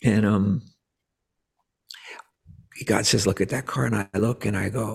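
An older American man on a video call, telling an animated story, acting out voices and sometimes dropping to a whisper. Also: fairly low pitch, unhurried, gravelly, pauses often, slightly rough. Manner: animated, acts out dialogue, drops to whispers. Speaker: guest musician. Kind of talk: storytelling interview.

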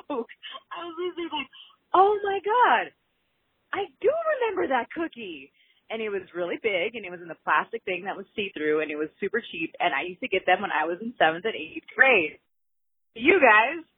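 A woman in her forties leaves a rambling, chatty voicemail, her voice a little husky. It comes through a tinny phone line. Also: medium pitch. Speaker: caller. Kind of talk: voicemail message.

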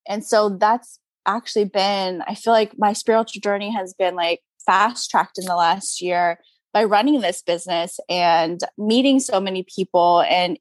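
A woman's voice: fairly low pitch, dry recording. A young adult woman chatting as an interview guest, upbeat and full of "like" and "you know". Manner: chatty, upbeat, lots of "like" and "you know" fillers, frequent laughs. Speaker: guest, crystal seller. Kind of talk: casual interview chat.

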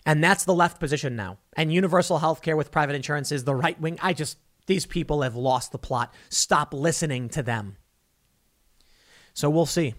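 A man's voice: a little high, normal speed. A man delivering an online political commentary monologue in a blunt, sarcastic, scornful way.

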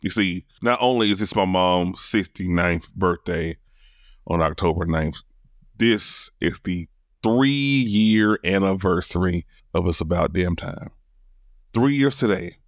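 Low-voiced guy hosting his own podcast, real candid, swears a lot, dry close sound. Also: slow pace, no echo. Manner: candid and emotional, swears casually, repeats words as he builds up. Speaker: podcast host. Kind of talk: solo podcast talk.

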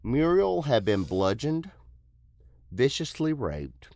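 A man's voice: mid-range voice, wildly swooping pitch, slow, darkish tone, no room sound, studio quality. A man hosting a podcast, reading a true-crime case aloud in a casual way with joking asides. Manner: joking asides, puts on silly voices for quotes. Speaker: podcast host telling a case.

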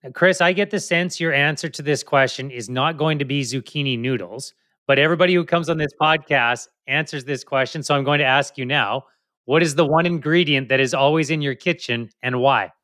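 Man, podcast host, bright voice, dry close sound, friendly, teasing. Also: medium pitch, a little fast, no echo. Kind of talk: interview questions.

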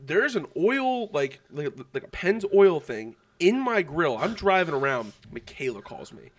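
A man's voice: on the high side, a little slow, few pauses. Young guy rambling through a story, cussing a lot, likes "like". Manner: animated, swearing storytelling with lots of fillers. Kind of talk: casual chat.

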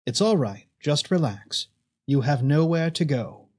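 A man voicing a calm, composed lady. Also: fairly high pitch, measured pace, slightly rough. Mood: calm, reassuring. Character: calm, composed woman of means.

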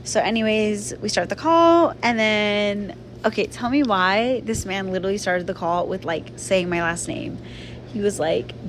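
A woman's voice: mid-range voice, normal speed, slight background noise. A young woman casually telling a personal story to her viewers, chatty and full of fillers. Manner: chatty, filler-heavy, animated retelling. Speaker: vlogger.

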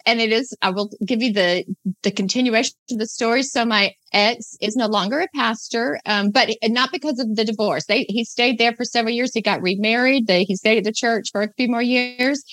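A woman's voice: a little high, normal speed, no room sound. Chatty woman in her fifties, dry sound. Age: 50s. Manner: chatty, warm-hearted, laughs often, trailing restarts. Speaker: podcast guest. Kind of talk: casual conversational storytelling.

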